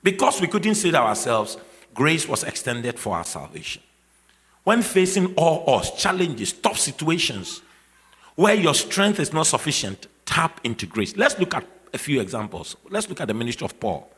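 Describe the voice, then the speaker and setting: A man preaching a sermon emphatically, repeating key phrases and building to shouts. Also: on the high side, big pitch swings, normal speed, slightly rough. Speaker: pastor. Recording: long reverb of a large hall.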